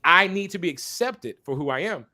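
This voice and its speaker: A man speaking as a podcast guest and minister, talking candidly and passionately, repeating phrases for emphasis like a preacher and pausing to apologize for talking so long. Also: sits high, lively intonation, pushed and bright. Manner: apologetic asides to listeners. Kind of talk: candid conversational testimony.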